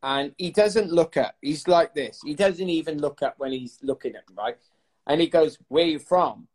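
A middle-aged man from the United Kingdom, a retired athlete telling stories in a chatty, animated way in an interview, laughing now and then. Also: a little high, moderate pace. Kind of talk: casual storytelling interview.

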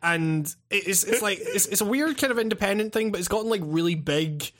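A man's voice: sits high, fairly quick, fairly bright tone. A man in a laid-back, profane casual chat as podcast co-host. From Scotland. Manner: laid-back, laughs often, swears.

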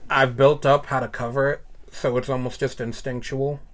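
A man's voice: mid-range voice, little pitch movement, normal speed. Casting: male podcast co-host, Massachusetts accent, swears freely, teasing banter. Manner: profane, joking, teasing.

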